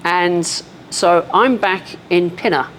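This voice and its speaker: A woman, telling a self-deprecating story in a measured, wry way on a live podcast. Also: fairly low pitch, slight background noise. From England. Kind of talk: casual storytelling.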